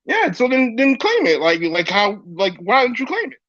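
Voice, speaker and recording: An American man argues on a live panel, his voice high and swinging widely as he makes his point. He talks bluntly and swears freely, and the sound is dry and a little muffled. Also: normal speed, dry recording. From United States. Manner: blunt, profane, animated. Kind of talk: heated panel discussion.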